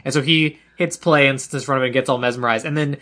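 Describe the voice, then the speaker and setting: Brief: man, podcast co-host, chatty plot recap, slips into quick voices for characters. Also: medium pitch, fairly even intonation, bright, forceful tone. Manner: rambling storyteller, acts out characters' lines. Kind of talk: casual movie recap chat.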